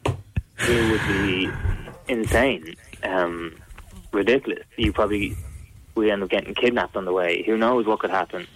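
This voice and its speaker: A man's voice: fairly low pitch, measured pace, long pauses, a little hiss or hum, low-quality recording. A man guesting on a radio show as an actor, easygoing and laughing often. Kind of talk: radio interview chat.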